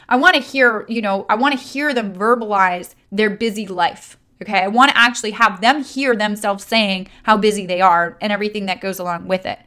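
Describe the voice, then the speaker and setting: A woman's voice: mid-range voice, fairly quick, bright, forceful tone. A woman giving a conversational coaching talk on handling sales objections, with frequent fillers and checks like "right?". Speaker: network marketing trainer.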